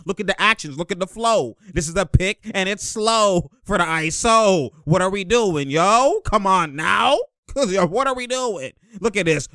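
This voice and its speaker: A man hosting a casual breakdown of game footage, excitable and slangy, laughing often as he talks through plays. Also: high-pitched, clear, resonant tone, dry recording, clean studio sound. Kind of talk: casual play-by-play film breakdown.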